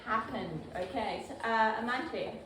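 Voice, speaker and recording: A woman's voice: a little high, a little slow. A woman teaching a classroom lesson, patiently prompting pupils by name. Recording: echoey classroom from far off, noisy.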